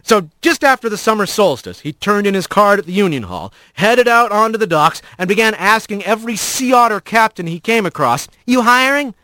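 A man narrates a storybook with an expressive, animated delivery. His voice sits high and moves through a wide range. The recording is close and completely dry. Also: fairly quick, few pauses, no echo. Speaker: audiobook narrator.

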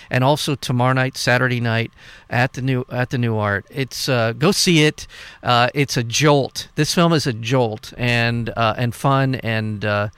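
A male radio host with a smooth, resonant voice interviews his guest, often answering with short affirmations. He speaks in halting phrases with frequent fillers, and the sound is dry and close. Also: medium pitch, fairly bright tone, dry recording.

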